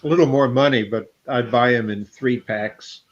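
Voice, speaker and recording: A man's voice: medium pitch, normal speed. Older man in his seventies, rambling and laughing at himself, slightly dull call sound. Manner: rambling, self-deprecating, laughs often. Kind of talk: casual chat. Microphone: video call. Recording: slightly muffled call audio.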